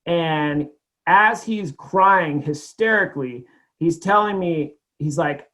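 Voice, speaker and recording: A man's voice: fairly high pitch, slow pace, sharp tone. A man giving a casual sales training talk, telling a client story in a conversational way with lots of fillers.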